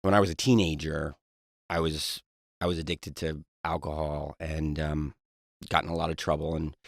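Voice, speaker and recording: A man talking in a halting, soft-spoken way in a candid interview. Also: very deep voice, no echo, clean studio sound.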